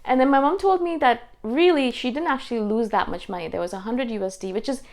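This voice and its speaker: A woman vlogger talking casually to her viewers, animated and acting out the voices she quotes. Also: on the high side, fast talker. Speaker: spiritual vlogger. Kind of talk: casual talk to camera.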